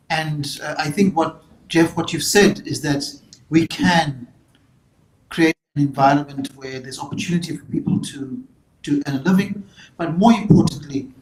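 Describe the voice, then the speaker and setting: A man's voice: a little high, roomy sound, poor audio. A man, master of ceremonies at a public event, speaking earnestly with frequent fillers and restarts. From South Africa. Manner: earnest, halting, with many fillers.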